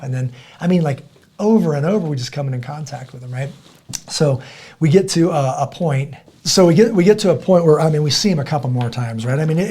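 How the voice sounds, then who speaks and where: Husky-voiced man telling a lively story. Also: fairly high pitch. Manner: animated, acts out other people's voices; frequent restarts and repeated words. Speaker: podcast guest. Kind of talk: conversational storytelling.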